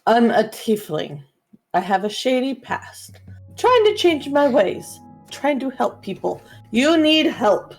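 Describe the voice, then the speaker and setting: A brash tiefling woman in a tabletop game who is bossy and cheeky and will not take no for an answer, as a woman plays her. The voice is fairly high. Faint music runs behind it. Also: sing-song, slow pace, exaggerated voice. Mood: pushy. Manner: pushy and teasing. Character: brash tiefling woman, a pushy people pleaser.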